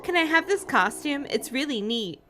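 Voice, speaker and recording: A woman's voice: high voice, expressive, moderate pace, noisy background, pitched above the performer's own voice. A woman voicing a nagging eight-year-old boy in a podcast book reading.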